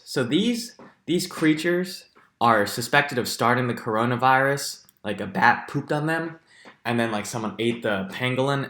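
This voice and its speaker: A young man in his twenties ranting comically through a ranked list, animated and jokey, often jumping into squeaky high exclamations. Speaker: comedic vlogger. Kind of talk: comedic ranking rant. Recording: echoey room.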